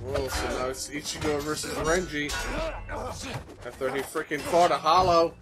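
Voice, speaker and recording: A man hosting a casual anime reaction, excitable, swearing and yelling at the screen. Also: on the high side, normal speed, over loud music.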